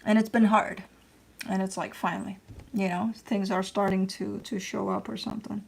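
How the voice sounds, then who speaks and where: Casual woman tarot reader, mid-pitched, slangy and chatty, repeats her advice. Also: little pitch movement, normal speed, gravelly, a little hiss or hum. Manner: chatty and loose, with slang and the odd curse; coaching and reassuring, repeats herself for emphasis. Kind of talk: casual spoken tarot reading.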